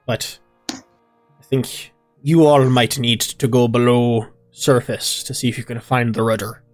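A calm, measured ship's leader in a tabletop game lays out the next plan, voiced by a man. The voice stays near his everyday speech, with faint music behind. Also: medium pitch, lightly acted. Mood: thoughtful.

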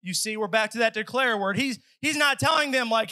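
At a church service, a man with a very high, bright voice delivers a sermon, earnest and dramatic, sometimes shifting into pleading tones. He speaks a little fast. The low-quality recording is dry and close, with no echo.

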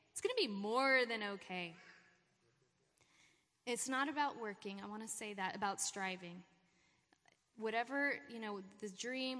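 A woman giving an informal, encouraging sermon talk at a church gathering. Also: mid-range voice. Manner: encouraging, warm pep talk with laughter. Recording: long hall reverb.

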